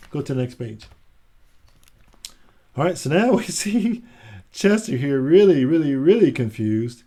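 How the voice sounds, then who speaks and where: A man reads a children's picture book aloud in a relaxed, chatty way. He breaks off between pages to comment on the pictures. His voice is mellow and mid-pitched. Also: normal speed. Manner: chatty, adds asides and laughs between pages.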